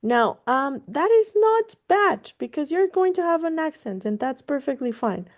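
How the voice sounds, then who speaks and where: A woman gives a one-on-one Spanish lesson over a video call, explaining things casually and encouragingly as she switches between English and Spanish. She laughs easily and swears offhand, speaking at normal speed in a high-pitched, sing-song voice.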